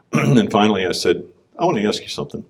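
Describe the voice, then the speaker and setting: Low-voiced man telling a testimony. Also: expressive, brisk. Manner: conversational storytelling, clears throat often. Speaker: business owner speaking at a conference. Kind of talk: personal testimony talk.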